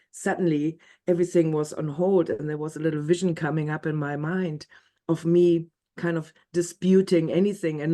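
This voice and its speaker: A woman telling a story aloud to an audience, animated, laughing often and dropping into whispers. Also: lowish voice. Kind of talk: live storytelling.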